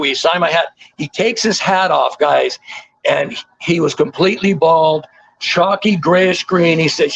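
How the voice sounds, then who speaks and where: A man in his sixties, a guest telling stories in a casual interview, animated and repeating words for emphasis. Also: a little high, fairly quick, dull audio, slight background noise. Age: 60s.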